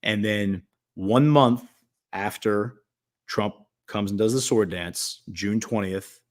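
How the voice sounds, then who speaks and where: A man with a lowish voice speaks at a slow pace while hosting a casual talk show. He tells a long, rambling story packed with fillers and acted-out quotes.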